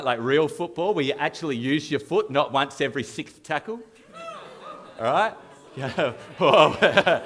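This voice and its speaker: Australian male youth leader, a touch high-pitched, animated and self-deprecating, live stage talk. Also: a little hiss or hum. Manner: animated, self-mocking storytelling, chuckling often.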